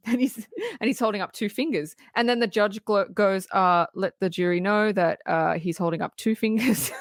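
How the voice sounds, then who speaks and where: A woman co-hosts a film podcast, walking through a movie scene by scene. She slips into the characters' lines as she tells it, in a middle-pitched voice recorded close and dry. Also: normal speed, no echo. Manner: animated storytelling, acting out quoted lines, frequent laughs and swearing. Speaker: podcast co-host. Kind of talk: casual film recap.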